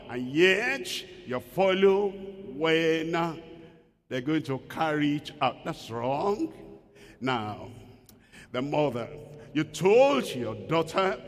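Man, preacher, sermon, emphatic rhetorical questions, slow delivery, lively pitch. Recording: long hall reverb.

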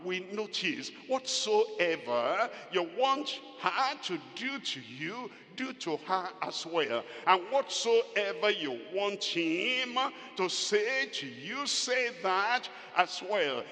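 A man preaching a sermon with emphatic, drawn-out phrasing and sudden loud rises. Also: high voice, very animated, long reverb tail.

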